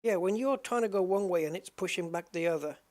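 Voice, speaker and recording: A man with a high-pitched, fast voice gives live commentary while driving a racing sim on his home rig, exclaiming often as he wrestles a heavy wheel. Loud engine noise from the racing game runs behind him.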